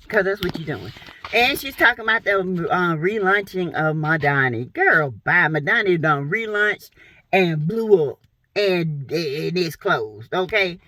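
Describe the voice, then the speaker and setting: A woman's voice: fairly low pitch, big pitch swings, normal speed, fairly bright tone, a little hiss or hum. A woman from South Carolina giving blunt, sassy gossip commentary on reality TV. She talks to her viewers in a playful, exclamatory way.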